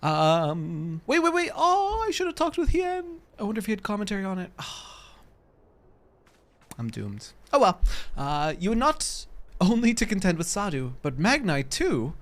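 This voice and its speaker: A game streamer giving casual live commentary, giggly and excitable, talking directly to chat. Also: medium pitch, moderate pace.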